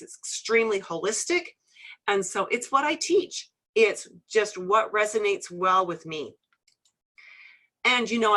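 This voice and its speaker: A middle-aged woman teaching a live webinar as an instructor, friendly and gently teasing, explaining things step by step. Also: mid-range voice. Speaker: iridology instructor.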